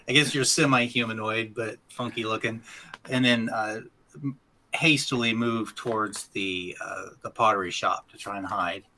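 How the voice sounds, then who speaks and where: A man's voice: lowish voice, normal speed, bright, forceful tone, slight background noise. A man playing a tabletop game, hesitant and thinking aloud as he declares his moves. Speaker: player.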